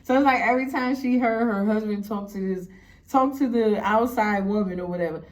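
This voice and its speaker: A young woman telling a story to her viewers in a casual, animated way, laughing often and filling her talk with "like". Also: medium pitch, a little fast. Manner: animated, laughing, heavy "like" fillers. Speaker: storytime vlogger.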